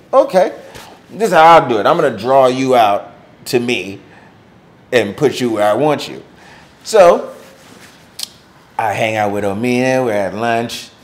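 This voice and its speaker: A middle-aged man telling a story in a casual interview, slangy and full of fillers, raising his voice to act out quotes. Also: mid-range voice. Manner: animated, acts out quotes in raised voice; slangy, filler-heavy speech. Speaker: interview guest.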